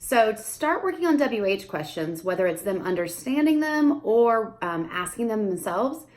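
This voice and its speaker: Woman, speech therapist, casual explaining, sing-song toddler-talk demos, mid-pitched voice. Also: sing-song, moderate pace, darkish tone. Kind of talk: casual teaching to camera.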